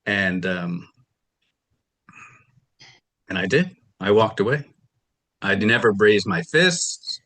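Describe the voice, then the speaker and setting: A man with a low but bright, forceful voice gives courtroom testimony. He rambles through his side of a neighbor dispute, stopping to act out what each person said. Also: sing-song, takes it slowly, long pauses. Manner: rambling, retells arguments with quoted dialogue. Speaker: litigant testifying. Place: television courtroom.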